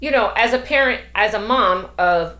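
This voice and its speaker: A woman's voice: medium pitch, normal speed, sharp tone. A middle-aged woman and grandmother, a podcast host talking emphatically with many rhetorical questions. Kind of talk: casual discussion. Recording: echoey room.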